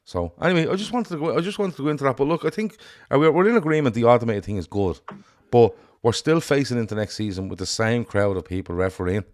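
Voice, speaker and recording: A man with an Irish accent co-hosting a casual football chat, blunt and sweary in an animated rant. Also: mid-range voice, fast talker. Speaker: podcast co-host.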